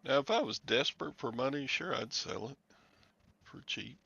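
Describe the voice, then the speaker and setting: A man's voice: medium pitch, expressive, moderate pace, creaky, bright, forceful tone, slightly rough, dry recording, highs cut off. A man hosting a casual live chat, blunt and dry-humored. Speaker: host of a livestream.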